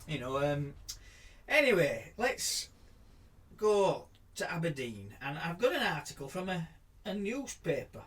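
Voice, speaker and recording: A man's voice: on the high side, very animated, measured pace, a bit bright, breathy edge. A man co-hosting a casual podcast, reading a news story aloud with giggles and dry asides. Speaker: podcast co-host.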